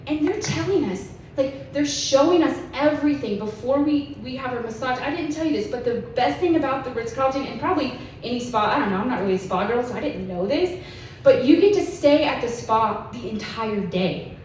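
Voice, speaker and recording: A conference speaker in her 30s shares a story in a chatty style, leaning on "like," her high voice expressive, brisk and a little mellow. She sounds far away in the echoey hall, with faint hiss.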